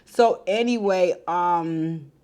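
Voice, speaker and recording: Slowly and loosely, a TV show reviewer with a slightly low voice recaps a reality show episode. She retells scenes with lively back-and-forth quotes and fillers, as if catching up a friend.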